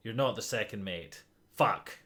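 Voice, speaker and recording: A man's voice: lowish voice, normal speed, fairly bright tone, a little hiss or hum. A man streaming a detective game, thinking aloud in casual commentary, muttering, sighing and swearing when stuck.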